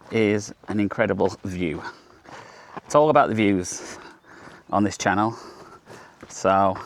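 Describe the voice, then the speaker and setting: A man walking a forest trail and narrating his travel vlog in a loose, rambling way, hot and sweaty from the climb. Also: on the low side. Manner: rambling, chatty, lots of "so yeah" fillers. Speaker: travel vlogger.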